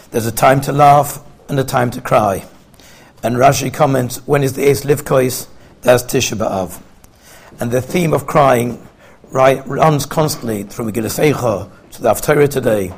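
A man's voice: mid-range voice, vocal fry, husky. A man giving an earnest religious talk, explaining and translating Hebrew phrases as he goes. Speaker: rabbi giving a Torah talk. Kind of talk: sermon.

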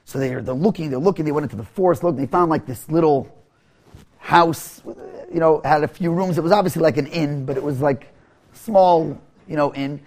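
A man telling a teaching story, often halting, repeating words and restarting. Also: on the high side, darkish tone. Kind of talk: storytelling lesson.

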